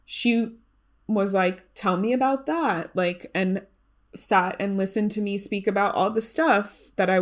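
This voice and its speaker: Earnest woman hosting a solo podcast. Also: medium pitch. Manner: earnest, conversational, many fillers and restarts. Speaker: podcast host. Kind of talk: reflective solo podcast talk.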